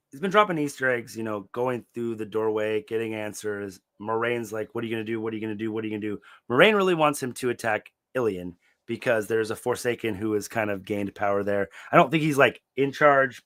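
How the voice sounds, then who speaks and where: A young man co-hosting a book podcast in casual chat, laid-back and swearing freely, acting out quotes with sudden loud yelps. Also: medium pitch. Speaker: podcast co-host recapping a book series.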